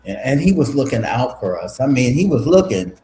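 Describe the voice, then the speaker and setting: A man's voice: medium pitch, fairly quick. A man, a guest in an interview, telling a story animatedly and acting out bits of dialogue. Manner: animated, acts out quoted dialogue. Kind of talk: casual storytelling. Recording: echoey room, faint noise.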